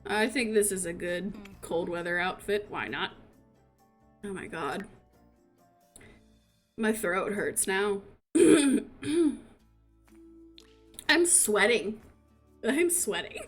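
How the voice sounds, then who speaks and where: A woman's voice: mid-range voice, lively intonation, very slow, long pauses, faint music behind. A young woman streaming a life-sim game, chatting casually and breaking into laughing fits while she reacts to chat. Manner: giggly, laughing fits, reads chat aloud.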